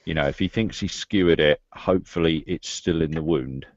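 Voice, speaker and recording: A man playing a tabletop game, describing his character's moves in a halting way and repeating words as he plans. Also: rumbling low, no room sound, lo-fi sound. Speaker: player.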